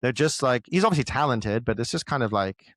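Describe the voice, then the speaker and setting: A man's voice: medium pitch, animated, quick pace, a bit bright, dry recording. A man, a writer, talking as a guest in a casual conversation, explaining ideas loosely with lots of fillers.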